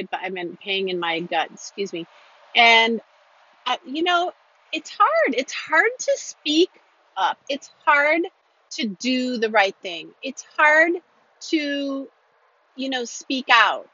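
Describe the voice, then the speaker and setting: A woman's voice: fairly high pitch, pushed and bright, dry recording. Earnest woman telling a story, lo-fi sound. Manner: earnest, emphatic, repeats phrases for emphasis. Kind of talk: personal storytelling. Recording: dull lo-fi recording.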